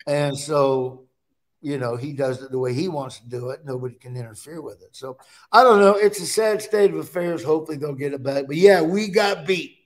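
A man's voice: fairly high pitch, fairly quick. Chatty Nebraska man telling stories. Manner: storytelling, animated, acts out his own quotes. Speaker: guest. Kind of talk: casual chat.

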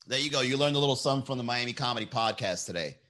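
Profane, animated comedy podcast host. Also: male voice, medium pitch, very fast, soft background music. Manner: profane, animated, laughs often. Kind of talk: casual comedy monologue on a livestream. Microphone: desk mic with mixer.

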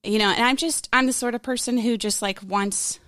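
A woman's voice: fairly high pitch, steady tone, a little fast, fairly bright tone, no echo, clean studio sound. A woman in a conversational interview, telling a personal story in a frank, candid, rambling way, full of fillers and emotion. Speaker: podcast guest.

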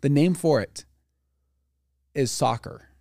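Gravelly-voiced man chatting casually. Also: mid-range voice, slow pace, warm tone, no room sound, clean studio sound. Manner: rambling, thinks aloud with fillers. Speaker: podcast co-host. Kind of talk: casual chat.

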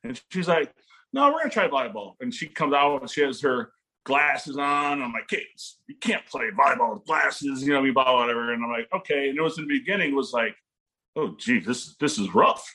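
A husky man in his forties, from Illinois, telling a casual story. His voice sits in a middle range, and he jumps up in pitch whenever he acts out what someone said. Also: fairly quick, pushed and bright. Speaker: guest, parent of a volleyball recruit.

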